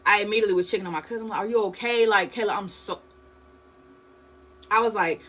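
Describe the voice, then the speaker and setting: A woman's voice: mid-range voice, fairly quick, long pauses, a bit bright, a little hiss or hum, low-quality recording. A young woman vlogger, animatedly telling a story to her viewers and calling them "y'all". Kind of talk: storytime vlog.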